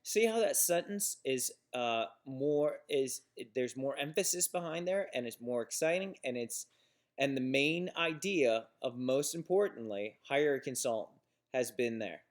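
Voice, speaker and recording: A man giving a recorded lecture on business writing. His voice sits at an ordinary middle pitch. He talks through examples plainly, stumbling and restarting now and then. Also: lively intonation, unhurried. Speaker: instructor.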